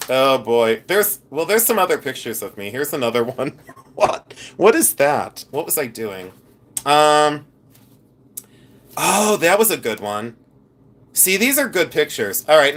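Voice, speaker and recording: A man vlogging in a chatty, campy way, with animated asides. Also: a little high. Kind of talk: casual chat.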